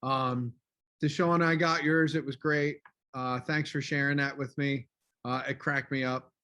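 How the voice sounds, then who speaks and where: A male teacher giving a casual online class review, loud and full of fillers like "um" and "okay?", speaking over a video call. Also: mid-range voice, fairly even intonation, unhurried.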